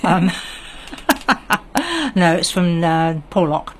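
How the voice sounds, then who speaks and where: An older woman from the West Country of England, with a standard southern English accent, chatting warmly and self-deprecatingly as a radio guest in the studio. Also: fairly low pitch, sing-song, drawn-out words, a little hiss or hum. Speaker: radio guest, garden club secretary. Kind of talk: radio chat.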